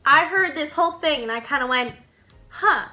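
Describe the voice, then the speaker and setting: A young woman vlogger telling a story to camera in a casual, animated way, swearing and laughing as she goes. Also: high voice, brisk, soft background music.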